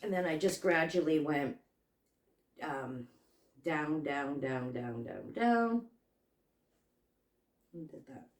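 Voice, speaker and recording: A woman's voice: low-pitched, lively intonation, takes it slowly, long pauses. A woman crochet vlogger chatting casually, rambling and joking at her own expense. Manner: rambling, chatty, self-deprecating.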